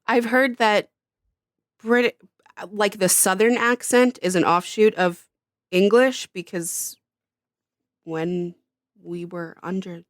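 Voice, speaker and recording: A woman with a New York–New Jersey accent, co-hosting a podcast in animated, rambling casual chat. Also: mid-range voice, slow pace, long pauses, no echo, studio quality. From United States. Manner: animated, rambling, self-mocking. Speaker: podcast co-host.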